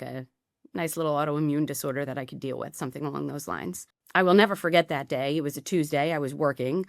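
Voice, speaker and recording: A middle-aged woman, a podcast guest, telling a personal story candidly with quick asides. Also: low voice, no room sound, clean studio sound.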